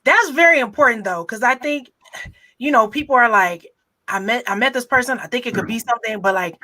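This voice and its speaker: A woman's voice: fairly high pitch, fairly quick, sharp tone. A woman co-hosting a podcast in casual chat, with chatty, joking asides. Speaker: podcast co-host.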